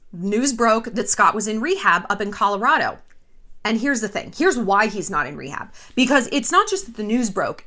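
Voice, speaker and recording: A woman in her thirties talks with a bright, ringing voice that swoops up and down as she dishes gossip. She is loose and profane, like a host chatting with her viewers. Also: mid-range voice. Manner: animated, gossipy and frequently profane. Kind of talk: casual chat.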